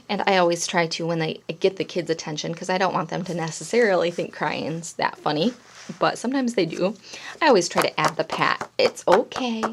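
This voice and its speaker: A woman giving parents gentle, encouraging tips on reading aloud to toddlers, in an instructional talk. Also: fairly low pitch, creaky, background noise. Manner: gentle, encouraging, breaks into playful sound demonstrations. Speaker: early childhood reading coach.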